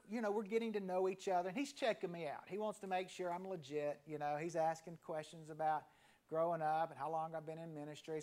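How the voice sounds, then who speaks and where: A man in his fifties preaching a sermon as a pastor, telling a story in a conversational way and letting key phrases sink to a hushed near-whisper after pauses. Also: sits high. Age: 50s.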